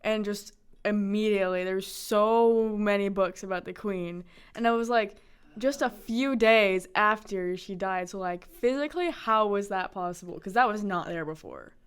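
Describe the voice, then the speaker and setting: A teenage girl, a high school student, chatting casually and telling rambling stories full of fillers. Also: moderate pace, clear, resonant tone. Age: teens. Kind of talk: casual chat.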